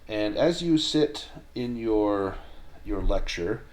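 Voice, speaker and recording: A man narrating a tabletop horror game as game master, measured and descriptive, with frequent restarts. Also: fairly low pitch, animated, a little mellow.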